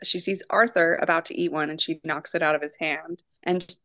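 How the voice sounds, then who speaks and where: A young woman co-hosting a casual podcast, giggling often as she retells scenes in an animated way. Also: low voice, brisk. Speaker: podcast co-host.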